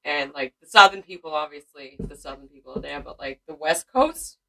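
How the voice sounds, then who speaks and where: Boston woman, lively pitch, bright voice, giggly self-mocking co-host. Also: a little fast, vocal fry, rough recording. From Boston area. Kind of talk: casual chat.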